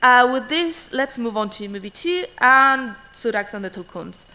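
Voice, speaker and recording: A woman's voice: on the high side, lively intonation, pushed and bright, poor audio. A woman reading out an academic conference paper, hurrying and often restarting words with fillers. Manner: hurried, frequent restarts and fillers.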